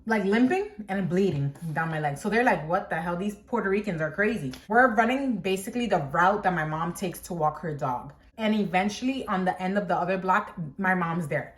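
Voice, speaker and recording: A young woman vlogger telling a casual storytime tale, animated and dramatic, peppered with "like". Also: on the low side. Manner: animated, dramatic, heavy use of "like". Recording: roomy echoing room.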